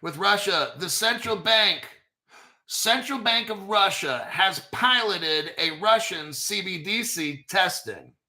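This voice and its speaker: Bright-voiced profane crypto host. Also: male voice, high-pitched, expressive, slow. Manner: profane, talks back to himself. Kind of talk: casual live commentary.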